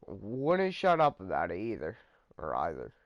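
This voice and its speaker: A man's voice: sits low, wildly swooping pitch, a little slow, muffled recording, background noise. A man casually telling a story about his friends in a rambling vlog, trailing off with fillers.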